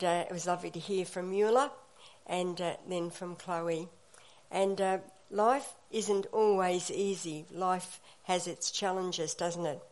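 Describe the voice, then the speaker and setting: A woman with a fairly low voice leads a church meeting. She gives an encouraging devotional talk in a gentle way. She often pauses on small fillers.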